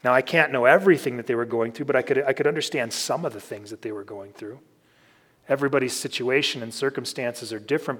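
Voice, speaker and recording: A man's voice: medium pitch, fairly bright tone. A man, a pastor, giving a conversational sermon, telling personal stories candidly and with self-deprecating humor.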